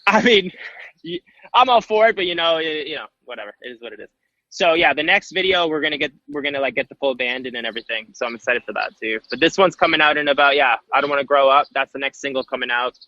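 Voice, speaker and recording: A man from Canada chats loosely about his music with a bright, forceful tone and a slightly high voice. The sound is a bit dull and muffled but dry, with no room around it. He rambles easily and often breaks into laughs. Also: expressive, quick pace, no echo. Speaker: guest musician. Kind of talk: casual chat.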